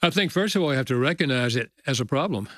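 A man's voice: medium pitch, lively intonation, a bit bright, no room sound. Older man, earnest guest storyteller, dry close mic. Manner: earnest, slows down for emotional moments. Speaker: author and guest. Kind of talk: storytelling in a podcast interview.

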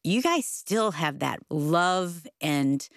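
A middle-aged woman co-hosting a radio talk show, warmly encouraging her guests with short affirmations. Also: sits low, lively intonation, slow, vocal fry, no echo, studio quality. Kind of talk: conversational interview.

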